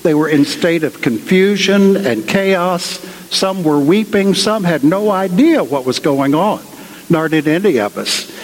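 A man preaching in a large cathedral, retelling a story in a conversational way full of asides. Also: on the high side. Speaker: guest speaker at a cathedral. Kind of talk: storytelling sermon. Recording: long cathedral reverb.

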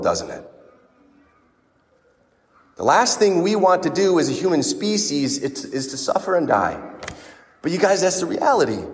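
A male priest giving a conversational sermon, with frequent restarts. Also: a little high. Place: church. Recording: church with long reverb.

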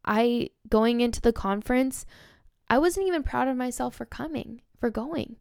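A woman's voice: a little high, normal speed, gravelly, a little mellow, clear, resonant tone, no echo. Young woman podcaster, emotional gushing storyteller, dry close sound. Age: young adult. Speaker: podcast host. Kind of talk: casual storytelling monologue.

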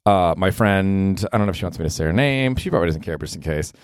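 A man's voice: sits low, animated, quick pace, smooth, no echo, clean studio sound. A man in his forties hosting a podcast, chatting casually in a profane, rambling way and laughing often. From US South. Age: 40s. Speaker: podcast host. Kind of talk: casual solo podcast chat.

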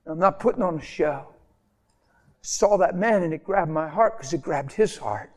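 A male preacher telling stories in an impassioned sermon, swinging from loud, animated delivery to hushed, intimate tones. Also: fairly high pitch, moderate pace. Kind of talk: sermon with storytelling.

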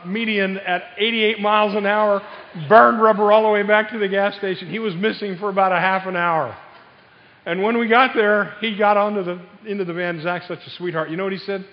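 An older man preaching a sermon, telling family stories with sudden loud outbursts. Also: high-pitched. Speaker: pastor. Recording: dull sound with long hall reverb.

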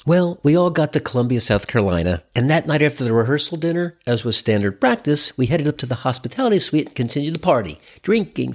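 A man's voice: fairly high pitch, a little mellow. A man in his sixties from the US Midwest, telling a wry, irreverent comedic story in a conversational way. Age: 60s.

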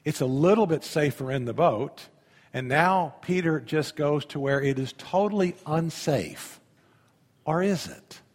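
A man's voice: on the high side, animated, a little slow, husky. A man pastor preaching a sermon in a conversational way, often asking the audience questions. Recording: long hall reverb.

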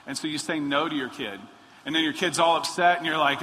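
A man preaching a sermon, animated, acting out quoted pleas in a raised voice. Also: on the high side, a little fast. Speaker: pastor. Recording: long hall reverb, faint noise.

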